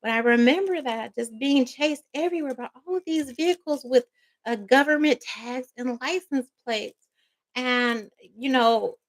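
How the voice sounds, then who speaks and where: A woman vlogger rambles through a personal story in a casual storytime monologue, speaking emphatically and swearing freely. Her voice sits high and moves a little slowly.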